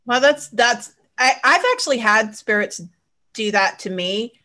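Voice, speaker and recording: A woman's voice: a little high, pushed and bright. Curious woman hosting a chat. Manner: curious, quick to react. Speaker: host. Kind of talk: casual interview chat.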